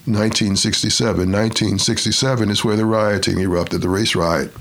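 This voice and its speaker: Older man telling his life story slowly. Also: lowish voice, steady tone, a bit bright. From Detroit, USA. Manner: measured, reflective storyteller who acts out quotes. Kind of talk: storytelling interview.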